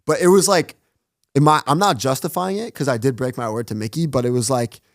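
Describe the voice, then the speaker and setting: A man's voice: medium pitch, no echo. Chatty man telling stories in a dry studio. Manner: fast retelling, acts out quoted dialogue, heavy use of "like". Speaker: podcast guest, runs his own online show. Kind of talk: casual storytelling interview.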